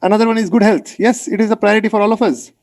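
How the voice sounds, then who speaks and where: A man with an Indian English accent, leading a motivational online mentoring session, energetic and coaxing, repeating phrases for emphasis. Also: high voice, rapid-fire. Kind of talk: motivational webinar talk. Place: video call.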